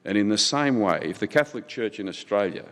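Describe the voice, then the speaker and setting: A man's voice: lowish voice, expressive, brisk. A middle-aged man giving an impassioned conference keynote, building his points through rhetorical repetition. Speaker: keynote speaker. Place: large conference hall. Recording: hall reverb.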